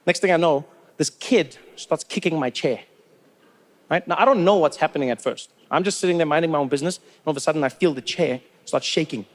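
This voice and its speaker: A man with a South African accent performing a stand-up comedy set, telling animated stories with lots of repetition. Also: on the high side, fairly quick.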